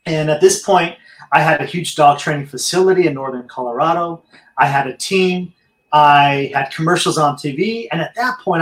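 A man's voice: fairly high pitch, fairly bright tone. A man telling his own story candidly in a casual interview, speaking openly to the listeners. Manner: earnest, candid storyteller addressing listeners as friends. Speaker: interview guest. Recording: echoey room.

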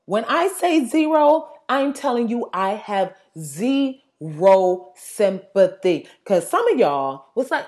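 A woman ranting in blunt, sassy, profanity-filled casual talk, with sudden loud outbursts. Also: mid-range voice, big pitch swings, slow, few pauses.

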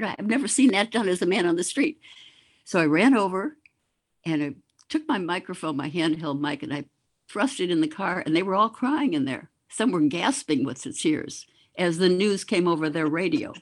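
A woman's voice: lowish voice, expressive, moderate pace. An older woman from the Boston area, a former news anchor telling a story as a guest. She tells it vividly and mimics sounds. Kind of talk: reminiscing interview storytelling.

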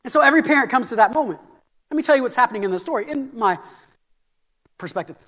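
A middle-aged man preaching a sermon, animated and conversational with touches of humor. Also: very high-pitched, quick pace. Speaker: pastor. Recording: long hall reverb.

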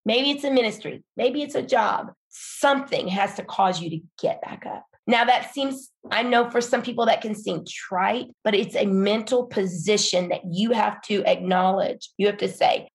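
Middle-aged woman telling her story on a church podcast, creaky gravelly edge, earnest and pushing hard. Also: medium pitch, normal speed. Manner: earnest storytelling, emphatic and encouraging. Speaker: pastor's wife and guest. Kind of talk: faith-based podcast conversation.

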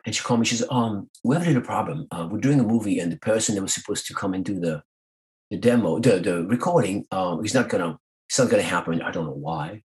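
Low-voiced man telling animated stories. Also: fast, rough recording. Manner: lively storyteller who acts out quoted voices. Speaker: guest, singer and voice artist.

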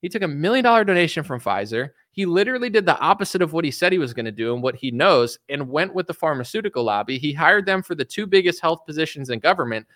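A man's voice: fairly high pitch, animated, quick pace, few pauses, a bit bright, no echo, clean studio sound. A man giving a blunt, sarcastic political commentary rant, mocking and casual.

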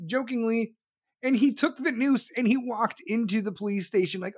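A man's voice: very high voice, normal speed. A man delivering a profane, sarcastic political rant as commentator. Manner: angry, sarcastic, mocking.

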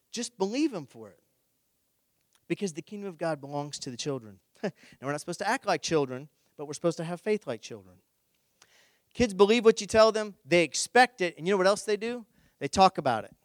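A middle-aged man, a pastor, preaching a conversational sermon and telling a personal story in an animated, humorous way. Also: high-pitched, no room sound.

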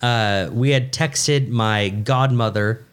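Young guy rambling thru a story, swears a lot, lively, keeps restarting. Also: medium pitch, takes it slowly, smooth. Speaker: podcast co-host. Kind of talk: casual storytelling chat.

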